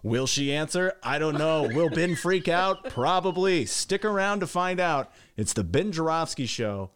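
A man's voice: fairly high pitch, animated, measured pace, a bit bright, clean tone. A man co-hosting a casual talk show as its producer, teasing the host and reading out chat and show announcements.

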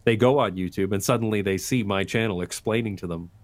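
A man with a somewhat low voice talks as a guest in a relaxed interview. He explains at length in a chatty way, often restarting his sentences. The recording is dry and close. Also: quick pace, dry recording. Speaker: guest, urban design YouTuber. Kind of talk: casual interview conversation.

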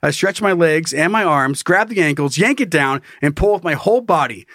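A male podcast host tells a story dramatically in casual chat, animated, swearing and laughing at his own tale. His voice is fairly high, his pace moderate, and the recording dry.

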